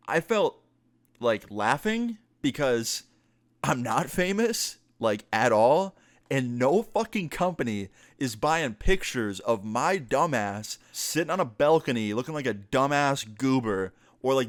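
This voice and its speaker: A man and gaming YouTuber telling a storytime vlog in an animated way, swearing casually. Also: medium pitch, no room sound, studio quality.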